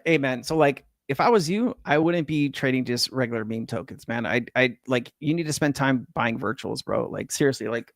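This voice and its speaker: A man's voice: medium pitch, lively intonation, normal speed, few pauses, no echo, studio quality. A middle-aged man from California hosting a crypto livestream, chatting casually with viewers in slangy, swearing banter. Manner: laid-back slang-heavy, swears, says man and bro. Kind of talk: casual livestream chat reading viewer comments. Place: home in Hawaii.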